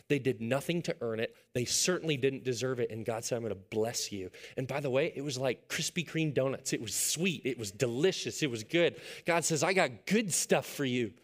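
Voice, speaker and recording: Storytelling pastor, hushed to excited. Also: male voice, mid-range voice. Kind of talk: sermon.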